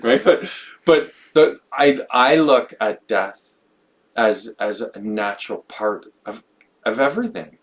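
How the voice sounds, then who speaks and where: A man's voice: mid-range voice, takes it slowly. A man talking reflectively on a podcast, thinking aloud and often repeating words as he goes. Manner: musing, stumbles and repeats words. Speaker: podcast co-host. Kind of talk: reflective conversational podcast talk.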